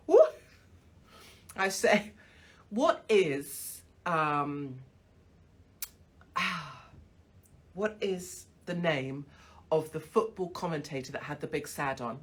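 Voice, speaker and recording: A woman's voice: sits low, expressive, very slow, long pauses, husky. A woman hosting a casual livestream from a hotel room on her phone, swearing bluntly and mocking people with frequent laughter. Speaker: livestream host.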